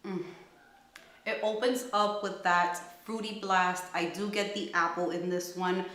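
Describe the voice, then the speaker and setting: A woman's voice: fairly low pitch, fairly even intonation, a little slow, very noisy. Gushing woman reviewing fragrances, echoey room. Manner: enthusiastic, gushing, thinks aloud. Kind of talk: casual product review.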